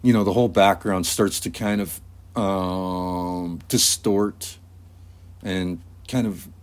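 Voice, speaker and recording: A man, an animator, casually talking through his storyboard in a relaxed, rambling way with many fillers. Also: low voice, takes it slowly, clear, resonant tone. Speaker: animator and artist.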